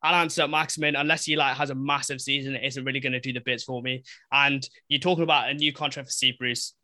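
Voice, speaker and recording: A young man from Newcastle, a podcast guest giving blunt, animated football opinions in casual chat. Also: medium pitch, fast. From Newcastle, England.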